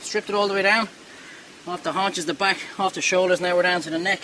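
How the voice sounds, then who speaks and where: A man's voice: high-pitched, steady tone, brisk, bright, forceful tone, slight background noise, poor audio. A man hosting a cooking show, talking viewers through a hands-on demonstration in a chatty, reassuring way that wanders off topic.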